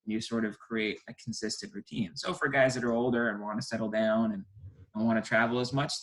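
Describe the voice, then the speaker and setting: A man's voice: medium pitch, low-quality recording. A man in his twenties, a stage hypnotist, talking casually and eagerly as an interview guest. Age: 20s.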